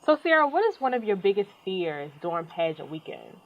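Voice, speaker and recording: Woman interviewer, quick friendly delivery, muffled lo-fi sound. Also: mid-range voice, sing-song. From Baltimore, Maryland. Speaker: interview host. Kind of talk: casual interview. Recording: dull lo-fi sound.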